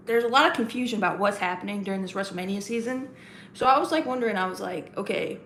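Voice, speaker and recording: A woman with a mid-range, fairly bright voice hosts a casual livestream, rambling chattily with lots of fillers and restarts as she greets viewers in the chat. The audio is reverberant with a little hiss or hum.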